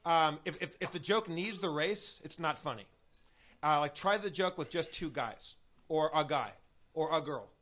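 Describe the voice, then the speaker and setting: A man's voice: fairly high pitch, fairly bright tone. A man chatting on a live comedy podcast, rambling with many restarts and filler words. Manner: rapid, halting, lots of "like" and restarts. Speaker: podcast regular.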